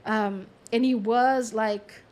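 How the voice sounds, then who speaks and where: A woman channeling a story in a chatty, animated way, with lots of fillers and frequent laughs. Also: on the high side, slow pace. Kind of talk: casual storytelling.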